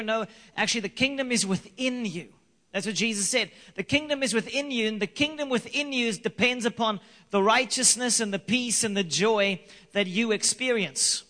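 A man preaches to his church in a high, bright register, telling a story with lively energy. He circles back to his key lines again and again for emphasis. His voice rings out in the long reverb of a hall. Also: normal speed. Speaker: pastor. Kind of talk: sermon.

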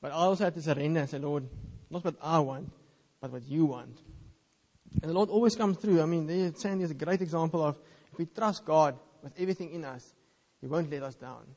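A man's voice: fairly high pitch, quick pace, hardly any pauses, mellow, big-room sound. A man, an Afrikaans speaker, preaching a sermon in an earnest, conversational way and reading scripture aloud.

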